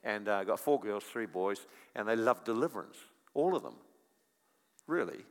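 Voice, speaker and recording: A middle-aged man preaching a sermon, telling stories and swinging from quiet to loud. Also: on the low side, expressive, moderate pace. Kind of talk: sermon with storytelling. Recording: long echo of a large hall.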